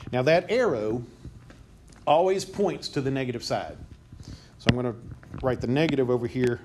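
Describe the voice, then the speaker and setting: A man's voice: mid-range voice, normal speed. A man giving a chemistry lecture to a class, quizzing students and joking as he goes. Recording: noisy classroom recording.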